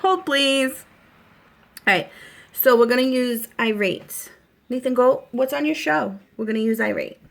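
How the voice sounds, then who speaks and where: A woman's voice: on the high side, measured pace, creaky, slight background noise. A woman in her thirties with a Boston accent, hosting a casual makeup tutorial at home and talking the viewer through it with reassurance and plenty of fillers. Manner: chatty, reassuring, lots of fillers.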